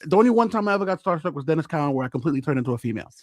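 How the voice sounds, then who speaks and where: Brash New man, high and bouncy, boasting through a story on a podcast. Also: very fast, no echo. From Brooklyn, New York. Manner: animated, boastful storytelling with acted-out quotes. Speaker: podcast co-host. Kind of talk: casual chat.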